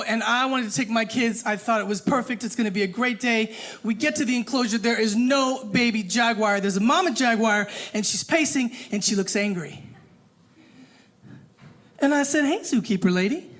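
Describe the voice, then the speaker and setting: A woman performing a stand-up comedy set on stage, animated and acting out the people in her stories. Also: a little high. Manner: animated, acts out voices. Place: stage before a live audience. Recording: noisy live comedy room.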